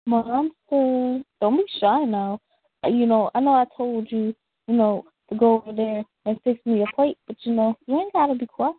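A woman's voice: a little high, normal speed, husky, no room sound. Playful woman hosting over a phone line. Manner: playful, teasing banter. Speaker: radio show host. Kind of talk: casual call-in show hosting.

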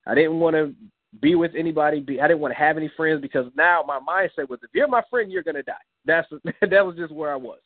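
A young man on a phone line to a radio show tells his own story with deep earnestness. His somewhat high voice climbs as he acts out the words of the people in it. The sound is dry and tinny, like a telephone call. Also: steady tone, fast talker, dry recording. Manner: earnest, acts out quoted dialogue with rising pitch. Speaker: guest, comic book creator. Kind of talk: emotional personal storytelling in an interview.

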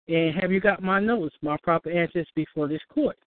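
A woman's voice: lowish voice, fairly quick, hardly any pauses. A woman hosting a call-in show, giving casual advice, often restarting and acting out little dialogues. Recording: tinny phone line.

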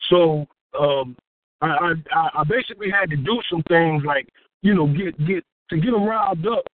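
A man from Houston, a rapper, telling a story in a casual interview, profane and animated, acting out what people said. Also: on the high side, a little fast, no room sound. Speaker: rapper and guest. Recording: tinny phone-like dry sound.

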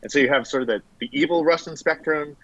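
A man's voice: fairly high pitch, fast, a bit bright, no room sound, muffled recording. A man who is a political science professor, giving thoughtful, hesitant answers with many fillers as a guest in an interview.

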